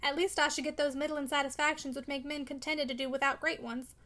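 A man's voice: very high voice, flat delivery, fast, pushed and bright, low-quality recording. A woman reading as a bitter, earnest young man. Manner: vehement, pleading.

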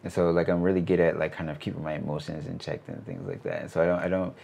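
A man in his thirties talks through interview answers in a casual, meandering way, stopping and restarting his sentences. His voice sits very low, with a gravelly fry running through it. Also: fast talker. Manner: relaxed, rambling, many fillers and restarts. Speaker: animation studio CEO, interview guest.

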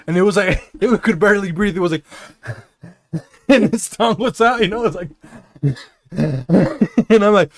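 High-voiced man, rambling and profane. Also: normal speed, long pauses, no echo, clean studio sound. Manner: rambling, profane, laughing storyteller. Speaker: podcast co-host. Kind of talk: casual banter.

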